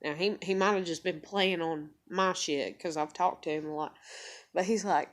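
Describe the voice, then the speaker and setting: A woman's voice: on the low side, moderate pace. A woman vlogger telling a personal story in a blunt, profane, rambling way, full of fillers and quoted back-and-forth. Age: adult parent. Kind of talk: candid personal storytelling to camera.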